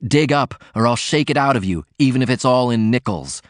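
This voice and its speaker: A man reading the lines of a blunt, fierce young sailor-turned-writer, barking commands in a forceful way. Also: mid-range voice, lively intonation, brisk, no echo, studio quality, natural voice.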